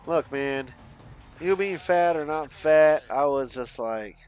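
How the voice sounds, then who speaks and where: A man's voice: fairly high pitch, animated, slow, a little mellow, clear, resonant tone, soft background music. Rambling, swearing young man. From Mexican family. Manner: rambling, swears often, frequent restarts. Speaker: streamer. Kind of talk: casual rambling chat while playing a driving game.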